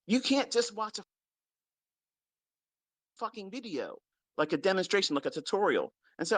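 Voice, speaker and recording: A man's voice: sits high, sing-song, normal speed, long pauses, fairly bright tone, dry recording. A man teaching trading, scolding his followers in a blunt, heavily profane rant and repeating his points for emphasis. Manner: stresses points by repeating them. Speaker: trading mentor. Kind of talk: unscripted ranting lecture to followers.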